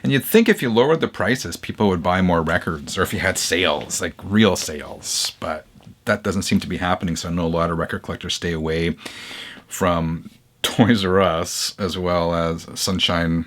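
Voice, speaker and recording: A man with a low voice chats to his camera about records in a loose, conversational way. He jumps up in pitch when something surprises him, then settles back into easygoing commentary. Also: moderate pace. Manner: chatty, animated, reacts with surprise. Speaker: vinyl channel host. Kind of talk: casual vlog chat. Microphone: camera mic, leans toward camera.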